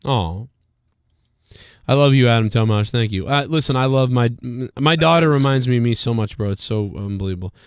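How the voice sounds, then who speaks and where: A man's voice: mid-range voice, fairly quick, clear, resonant tone, no echo, studio quality. A man hosting a livestream, talking bluntly and profanely in rambling casual chat. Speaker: livestream host.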